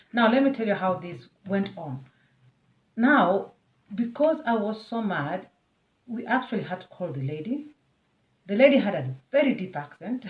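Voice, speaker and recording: A woman's voice: medium pitch, expressive, unhurried. Chatty Kenyan woman, tinny and echoey. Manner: chatty, emphatic, talks straight to the viewer. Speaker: vlogger. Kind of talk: storytime vlog. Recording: tinny, phone-like and roomy.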